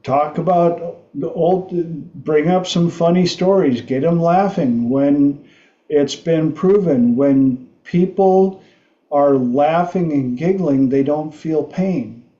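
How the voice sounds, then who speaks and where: A middle-aged man hosting a livestream talk show, telling stories slowly with frequent restarts. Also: a little high, dark tone, echoey room, muffled recording. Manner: slow, halting storytelling with restarts. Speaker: podcast host.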